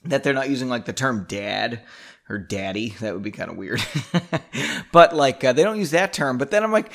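A man reads his own fantasy chapter aloud, then drifts into loose, self-mocking commentary. His voice sits mid-pitch and swings up and down lively as he talks, and he breaks into laughter at his own writing. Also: normal speed, vocal fry. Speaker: author reading his own story. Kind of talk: casual storytelling with rambling commentary.

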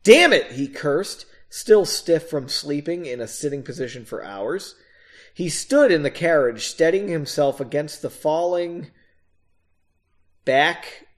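A man's voice: on the high side, lively intonation, takes it slowly. A man reading a story aloud and breaking off for casual, self-mocking asides. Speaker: reader of his own novel.

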